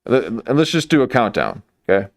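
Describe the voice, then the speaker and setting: A man's voice: mid-range voice, sing-song, fairly quick, no echo, clean studio sound. A man giving rambling, mocking live-stream commentary into a desk microphone. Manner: mocking, meandering, full of restarts.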